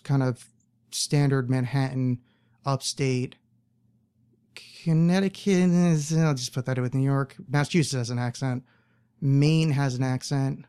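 A man's voice: medium pitch, darkish tone, smooth. An American man hosting a podcast, talking in a rambling, casual monologue full of fillers, restarts and swearing. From United States. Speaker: podcast host.

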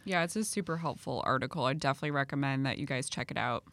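A woman hosting and instructing in a clear, explanatory way. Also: very deep voice, racing, fairly bright tone. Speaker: host and instructor. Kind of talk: educational explanation.

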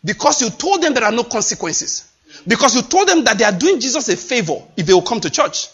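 A man preaches with fervor, his voice high and swinging widely in pitch. He leans on his points and repeats phrases for emphasis, with a husky edge. The recording is dull and lo-fi. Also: sing-song, a little fast, fairly bright tone. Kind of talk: sermon.

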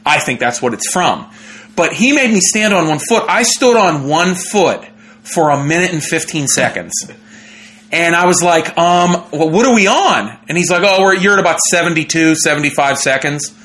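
Young male comic, bright slightly high voice, loose animated storytelling full of fillers and laughs. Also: normal speed. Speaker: comedian guest. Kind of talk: casual storytelling.

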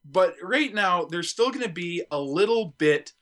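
A man hosting a podcast, talking crudely and excitably in casual chat, slipping into silly voices. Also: sits high, measured pace. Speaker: podcast host.

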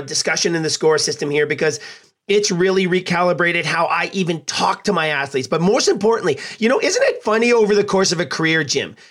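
A middle-aged man hosting a podcast, talking in a reflective, earnest way with pauses. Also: sits high, fairly bright tone. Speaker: podcast host and athletic trainer. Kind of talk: conversational interview.

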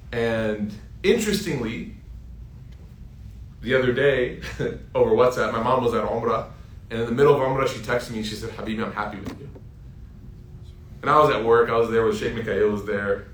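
Guy in his 30s preaching, heartfelt storytelling, middle pitch, echoey room. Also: a little fast, pauses often, slight background noise. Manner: heartfelt storytelling, rising to emphatic peaks. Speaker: Islamic preacher. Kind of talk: sermon. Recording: roomy echo.

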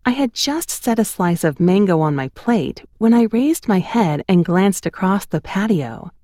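A woman narrating her memoir in an expressive, storytelling cadence on a close studio mic. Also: medium pitch, a little slow, no echo.

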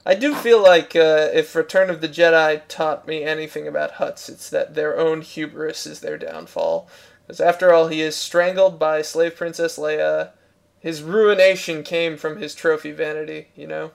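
A male podcast host with a raspy edge of vocal fry. His voice sits a touch high. He jokes wryly in casual banter and leads the segments. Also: moderate pace. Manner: joking, wry, leads segments.

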